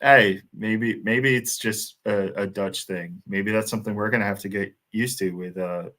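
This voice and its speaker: American man, very low voice, casual watchalong banter, frequent laughs. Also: steady tone, normal speed, fairly bright tone. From United States. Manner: laughs often, loose rambling banter. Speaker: watchalong co-host. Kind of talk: casual match commentary chat.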